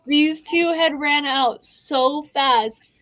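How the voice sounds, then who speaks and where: A woman's voice: high-pitched, drawn-out words, a bit bright, dry recording, low-quality recording. A woman hosting a podcast, telling a story in casual chat, laughing and swearing often. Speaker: podcast host.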